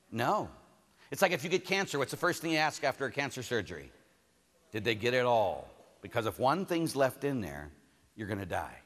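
A man, a priest, giving a conference sermon and telling stories lively, acting out the people he quotes. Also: mid-range voice. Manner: animated storytelling, acts out the people he quotes. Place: large conference hall. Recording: hall reverb from a venue PA.

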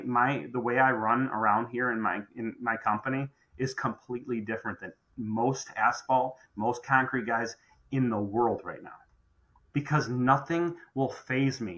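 Poor audio carries the sharp, mid-range voice of a middle-aged contractor who owns his own business. Talking emphatically in a podcast conversation, he frequently repeats phrases as he restarts his sentences.

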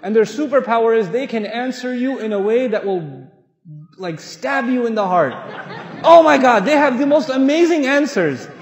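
Animated man preaching in an echoey hall. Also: extremely high pitch, normal speed, some chatter behind. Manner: animated, jokes with the audience, acts out quoted voices. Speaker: Islamic preacher. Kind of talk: lively mosque lecture. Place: large mosque hall.

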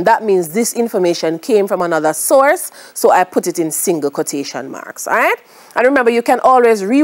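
A woman teacher giving a recorded English writing lesson. She explains punctuation rules step by step, often checking in with "right?" and reading the example sentences out slowly. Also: mid-range voice.

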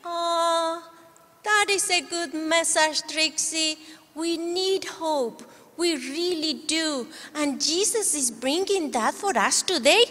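A woman leading a kids' church lesson, talking gently and encouragingly to children. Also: sits high, slow pace, in a large hall.

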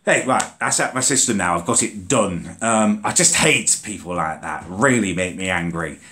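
A man's voice: sits low, lively intonation, moderate pace, bright, forceful tone. A young man telling an indignant rant to camera for his vlog, swearing casually. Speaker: vlogger. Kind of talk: ranting vlog storytelling.

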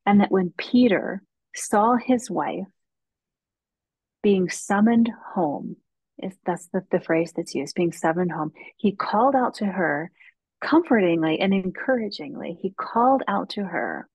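Earnest storytelling woman guest, husky voice. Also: mid-range voice, animated, a little slow, a little mellow, no echo, poor audio. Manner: earnest storytelling, frequent ums and restarts. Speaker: guest author. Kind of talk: casual podcast interview.

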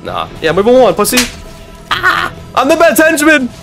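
A young man narrating his gameplay in a loud, excitable, trash-talking way, full of slang. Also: extremely high pitch, a little slow, gravelly. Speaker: gaming video creator. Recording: game music underneath.

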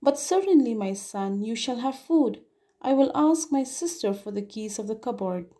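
A woman reading aloud the part of an old male bishop, gentle and unafraid. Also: fairly high pitch, a little slow. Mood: calm. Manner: calm, reassuring, unafraid.

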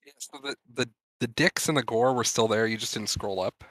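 A man's voice: medium pitch, fairly quick, fairly bright tone, no echo. Blunt, laid-back male co-host, dry mic. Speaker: podcast co-host. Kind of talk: casual podcast chat.

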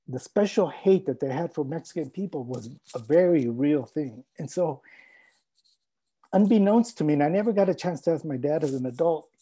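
A man's voice: on the high side, warm tone, breathy edge, low-quality recording. A middle-aged man, a native Spanish speaker, telling a reflective personal story as a scholar giving a talk. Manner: reflective, heartfelt, mixing in Spanish phrases.

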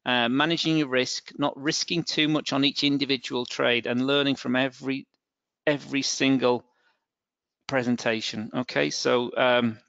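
A middle-aged man with a northern English accent talks through a live online trading lesson, his voice gravelly at the bottom. He stumbles on fillers and restarts his sentences often. The sound is dull and lo-fi, dry with no room to it. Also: medium pitch, steady tone, normal speed, a bit bright, dry recording. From England. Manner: hesitant, filler-heavy, many restarts. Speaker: trading webinar presenter. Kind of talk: live webinar presentation. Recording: dull, dry, lo-fi webinar audio.

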